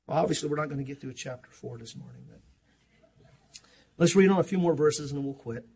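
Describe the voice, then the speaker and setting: An older man preaching a sermon as pastor, fervent and emphatic, swinging from loud to hushed. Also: a little high, brisk, gravelly, pauses often, breathy edge.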